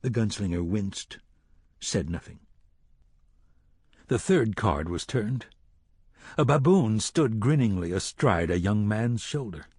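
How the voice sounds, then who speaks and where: A man narrating a dark fantasy audiobook in a slow, dramatic reading. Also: on the low side, lively intonation, slightly rough, dry recording, clean studio sound. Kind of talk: scripted narration.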